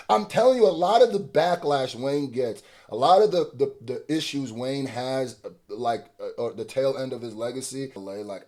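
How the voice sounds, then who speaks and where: A man hosting a casual album reaction, swinging between excited hype and quieter mumbled asides. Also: mid-range voice, moderate pace. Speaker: music reaction host.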